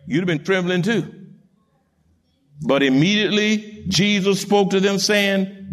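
A man preaching a sermon in a dramatic, animated storytelling way, chuckling as he goes. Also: high-pitched, a little slow, long pauses.

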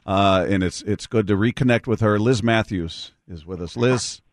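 A man hosting a call-in radio show, his voice sitting on the low side. He talks reflectively, with many small restarts, into a dry studio mic with no room echo. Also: moderate pace. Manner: warm repetitive restarts, reflective. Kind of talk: call-in radio tribute chat.

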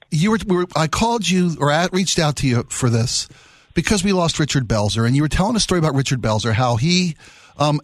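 A man's voice: a little high, dry recording. A male radio host in a studio who interviews his guest and praises him freely. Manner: effusive, matey, with lots of praise.

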